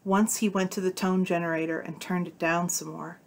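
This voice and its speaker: Female narrator with a lowish voice; reads fiction aloud, voicing characters lightly. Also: level tone, brisk, gravelly. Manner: voices the characters' dialogue with shifts of tone. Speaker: narrator reading a short story aloud. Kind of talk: audiobook-style story reading.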